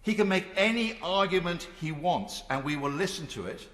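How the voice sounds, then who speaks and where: An older man in his sixties delivers a parliamentary speech, emphatic and rhetorical with a dry, sarcastic edge. His pitch swings widely as he presses each point. The voice rings through a large chamber with a long, echoing reverb. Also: expressive, normal speed, fairly bright tone. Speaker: member of parliament.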